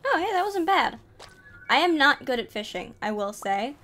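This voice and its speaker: A woman's voice: sits high, very animated, moderate pace, bright, forceful tone, faint music behind. A woman streaming a game live, chatting casually in a playful, rambling way. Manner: playful, rambling, giggly asides. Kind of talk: casual live gameplay chat.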